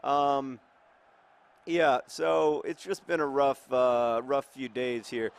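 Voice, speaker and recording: A man's voice: mid-range voice, fairly even intonation, slow pace, gravelly, clean tone. A man hosting a football management game in casual, rambling, wry commentary, his mouth numb after oral surgery.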